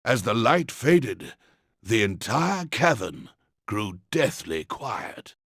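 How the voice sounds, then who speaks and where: A video game's storytelling narrator, calm and measured. His voice is gravelly and husky, with lively pitch movement. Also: no room sound, clean studio sound, heavily acted. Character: adult male storyteller narrator. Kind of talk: scripted game narration.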